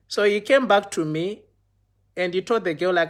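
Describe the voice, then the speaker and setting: Young man, slightly higher voice, loose rambling storyteller who keeps asking viewers if they follow. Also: moderate pace, long pauses. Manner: rambling, repeats phrases, checks in with viewers. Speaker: storyteller on a livestream. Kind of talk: casual livestream storytelling.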